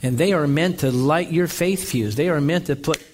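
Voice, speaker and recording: High-voiced energetic male preacher. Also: normal speed, a little hiss or hum. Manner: energetic, calls for amens, storytelling. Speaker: pastor. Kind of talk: sermon.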